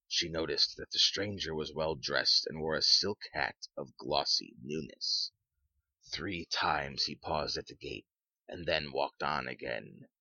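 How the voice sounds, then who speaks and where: A man reading a story aloud in measured, even narration, on a dull lo-fi recording. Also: a bass voice, vocal fry, slightly rough, no echo.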